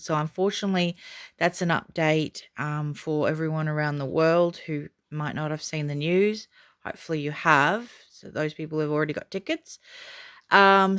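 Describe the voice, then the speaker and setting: A woman vlogger telling a story casually to camera, chatty and excitable with many fillers. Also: low-pitched. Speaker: doll collector vlogger.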